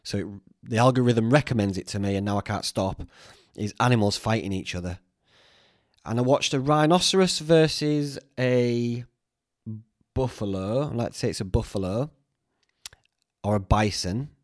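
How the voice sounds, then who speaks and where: A man's voice: mid-range voice, normal speed, pauses often, dry recording. Male podcast host, casual rambling chat, self-deprecating, mid voice, dry studio sound. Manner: chatty, self-mocking, swears freely.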